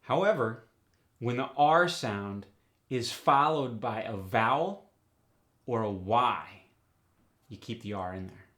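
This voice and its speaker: A middle-aged man teaching an accent lesson at an unhurried pace. He talks in a medium-pitched voice and lays each point out methodically, one example at a time. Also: a bit bright. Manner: methodical, explains step by step with examples. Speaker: accent coach. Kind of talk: instructional explanation.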